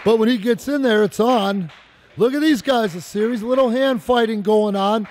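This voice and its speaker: A man giving excited, folksy play-by-play commentary on a wrestling match, repeating phrases for emphasis. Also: high voice, moderate pace. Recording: noisy live recording.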